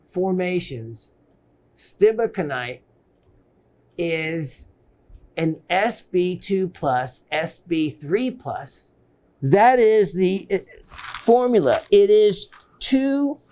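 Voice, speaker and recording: A middle-aged man hosting a gemstone shopping show, presenting pieces with excitement and repeating phrases for emphasis. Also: high-pitched. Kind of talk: enthusiastic sales presentation.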